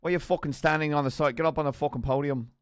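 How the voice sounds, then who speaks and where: A man's voice: a little high, steady tone, racing, clean tone, no echo, clean studio sound. A man in a casual gaming role-play, playing a blunt police lieutenant who swears often while interviewing applicants.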